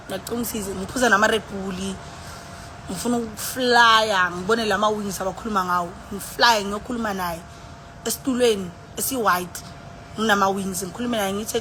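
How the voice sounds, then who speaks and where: A woman's voice: mid-range voice, moderate pace, sharp tone, slight background noise. A tipsy woman with a South African accent, rambling and sighing in casual live-stream chat, switching between languages as she talks into her phone. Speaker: livestreamer.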